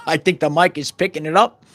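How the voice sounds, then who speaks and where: Brief: fervent middle-aged male podcast host, fairly high voice, repetitive, stumbling, bursts loud. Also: steady tone, moderate pace. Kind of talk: impassioned spiritual monologue.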